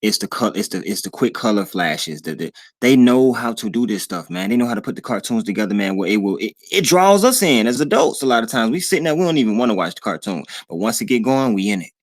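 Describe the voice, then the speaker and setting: A man's voice: mid-range voice, expressive, fast talker, hardly any pauses, dry recording. A man, talking casually to his viewers in a preachy way, repeating himself and calling them y'all. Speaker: channel host.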